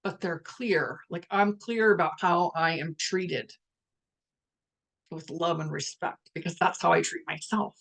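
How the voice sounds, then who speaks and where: A middle-aged woman hosting a live spiritual talk, speaking in a reflective, musing way with many restarts and pauses, and now and then putting on the voices of family members. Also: on the low side, vocal fry. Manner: quotes family conversations in lively voices. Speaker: spiritual empath host.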